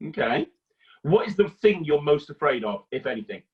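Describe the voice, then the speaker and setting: Hesitant host, dull recording. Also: male voice, a little high, very animated, normal speed. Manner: hesitant, laughs often, friendly. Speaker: interviewer host. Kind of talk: casual interview.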